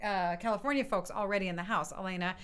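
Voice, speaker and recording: She speaks fast in a medium-pitched, steady, slightly bright voice. Hosting an online music session, she chats casually and welcomes participants one at a time, laughing a lot, all picked up by a computer mic over a video stream.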